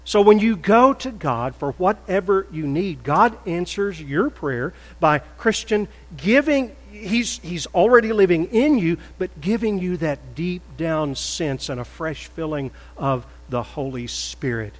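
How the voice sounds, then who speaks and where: An older man preaching a sermon in a church, stressing words loudly, then dropping to a soft prayerful tone. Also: high voice, animated, unhurried, hardly any pauses, big-room sound, low-quality recording. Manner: emphatic, swings between loud stresses and soft prayer. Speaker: pastor. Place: church sanctuary.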